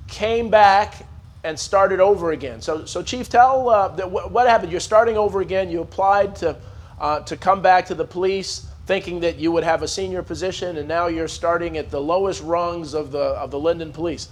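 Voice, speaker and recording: Male host, high pitch, halting questions, interview show. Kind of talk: interview hosting.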